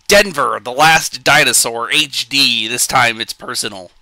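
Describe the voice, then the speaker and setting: A man's voice: mid-range voice, expressive, unhurried, hardly any pauses, sharp tone. A male streamer joking around on a live reaction stream, rambling with goofy asides.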